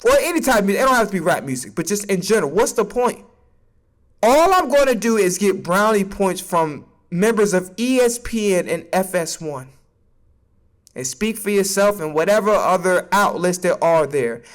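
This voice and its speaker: A man rants about sports on his stream in a high, animated voice that swings all over. He is emphatic and swears freely, and he stammers and repeats himself when he gets worked up. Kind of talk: casual sports opinion rant.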